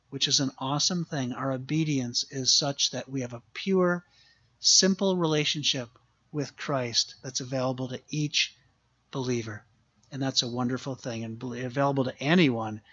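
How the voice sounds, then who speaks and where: A man preaching a sermon, earnest and steady, repeating key phrases for emphasis. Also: medium pitch, breathy edge, highs cut off. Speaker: pastor.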